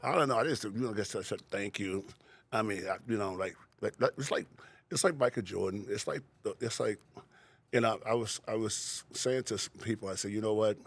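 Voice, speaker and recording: Gravelly laid-back man in his sixties. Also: lowish voice, a little fast. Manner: laid-back, rambling, laughs often, says man a lot. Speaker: guest. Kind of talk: casual interview chat.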